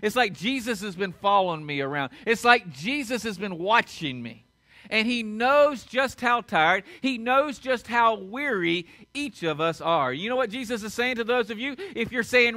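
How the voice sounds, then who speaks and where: High, bright-voiced Southern preacher man. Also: moderate pace, no echo. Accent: Southern American. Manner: earnest preaching, repeats key lines for emphasis. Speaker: pastor. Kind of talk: sermon.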